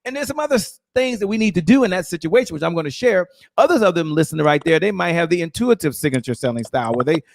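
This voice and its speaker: Fast-talking energetic male sales coach. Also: fairly high pitch, creaky, no echo, clean studio sound. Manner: energetic, emphatic, acts out sales dialogue. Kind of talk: coaching talk on a live show.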